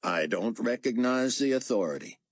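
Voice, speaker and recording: A man voicing a laconic American pilot with dry, deadpan wisecracks. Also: mid-range voice, moderate pace, no room sound, voice pushed up. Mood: wry.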